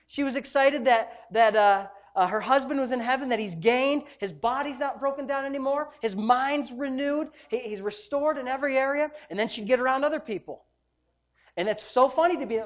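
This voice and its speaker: A woman pastor delivers a sermon with a somewhat high voice. She preaches emphatically, pressing her points home with rhetorical questions to the congregation.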